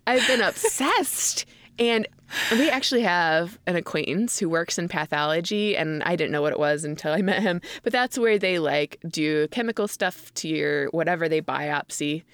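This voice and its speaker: Young woman podcast cohost rambling away, lowish voice, dry close sound. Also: normal speed, dry recording. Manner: rambling, animated storytelling with frequent laughs. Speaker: podcast co-host. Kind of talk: casual chat.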